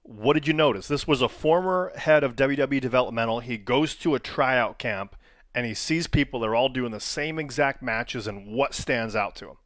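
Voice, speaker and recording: A man's voice: mid-range voice, normal speed, a bit bright, no echo. A man coaching in an online training lesson, putting questions to his viewers. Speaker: wrestling coach.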